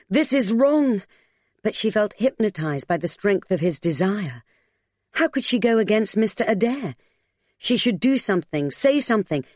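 A woman narrating a novel in a steady, measured storytelling voice. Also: on the low side, no room sound, clean studio sound. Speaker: audiobook narrator.

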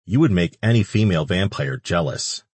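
A man's voice: deep voice, expressive, moderate pace, a little mellow, slightly rough, no room sound. A man voicing a cocky young vampire man who teases and jokes in an audiobook. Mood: tender. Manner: mocking, teasing.

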